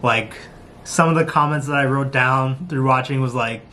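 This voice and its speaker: A man talking to camera in a casual review vlog, animated and laughing often, slipping into quick impressions. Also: mid-range voice, a little hiss or hum. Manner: talks with his hands. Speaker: show reviewer.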